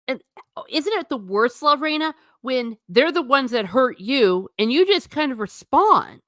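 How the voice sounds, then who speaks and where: Her voice is high and lively in intonation, a little slow, with a fairly bright tone. She's a woman hosting a casual livestream, reading out viewer comments and responding in a chatty, emphatic way, often repeating herself for effect. The sound is clean studio quality with no room noise.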